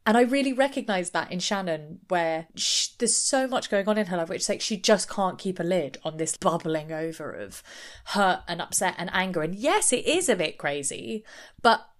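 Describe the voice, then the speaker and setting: A woman's voice: on the low side, animated, normal speed. A woman co-hosting a podcast, chatting casually and thinking aloud, livening up when she acts out what other people said. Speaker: podcast co-host. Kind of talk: casual chat.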